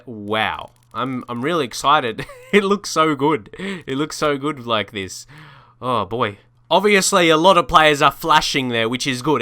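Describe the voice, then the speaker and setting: A young man talks through a football game in casual let's-play style, rambling and chuckling as he thinks aloud. His voice is bright and crisp, with a forward edge. The recording is close and dry, with no room around it. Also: medium pitch, no room sound. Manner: chatty, thinks aloud, frequent restarts and laughs. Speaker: gaming video creator.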